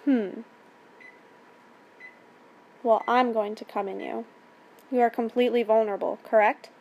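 A cold, commanding man who speaks calmly and in measured phrases, as a woman reading a story voices him. The voice sits somewhat high, with a faint hiss of background noise under it. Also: gravelly, muffled recording. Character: calm, domineering adult man, cold and commanding.

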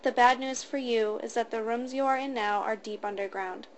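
Tearful young woman, as a woman narrator reads her, stuttering, fairly high voice, faint room hum. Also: fairly even intonation, moderate pace, lightly acted, poor audio. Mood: frightened, resigned. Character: frightened young woman captive reading a statement. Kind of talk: storybook reading.

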